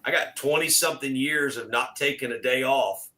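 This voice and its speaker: Bright-voiced man telling a story. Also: mid-range voice, moderate pace, poor audio. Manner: animated, acts out quoted exchanges. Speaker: guest. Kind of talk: casual storytelling chat.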